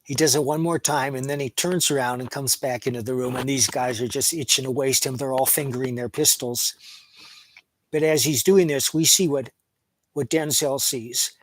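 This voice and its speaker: A man's voice: medium pitch, fairly even intonation, moderate pace, rough recording. A man giving a casual, opinionated film review, speaking plainly as he retells the plot at length. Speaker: movie reviewer.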